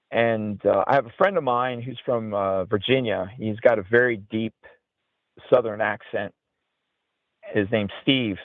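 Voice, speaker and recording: Speaking in a lowish register with no echo, an outdoorsman and paranormal investigator tells his story as an interview guest. He wanders along with plenty of "you know," and the audio sounds tinny, like a phone line.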